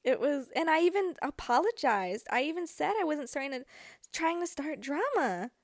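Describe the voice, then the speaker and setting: A woman's voice: high voice, moderate pace, no echo, clean studio sound. A young woman hosting a podcast, telling a personal story in a chatty way with many fillers. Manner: chatty, filler-heavy, animated retelling. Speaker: podcast host. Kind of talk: casual storytelling.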